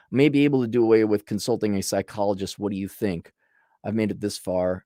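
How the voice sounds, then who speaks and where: A man's voice: on the low side, fairly even intonation, fairly quick, mellow, no room sound, clean studio sound. A man giving blunt, profane life advice in a sarcastic monologue.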